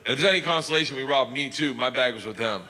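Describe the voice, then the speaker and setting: A man telling a long stand-up story, animated, breaking into loud bursts when he quotes himself, recorded on a comedy stage. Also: mid-range voice, quick pace, in a large hall, a crowd in the background, rough recording.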